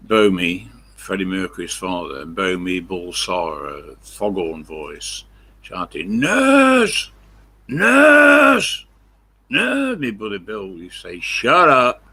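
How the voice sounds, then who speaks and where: Older man on a live stream, deep gravelly voice, slow meandering storyteller with lots of fillers. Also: a bit bright, slight background noise. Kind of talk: rambling anecdote on a live stream.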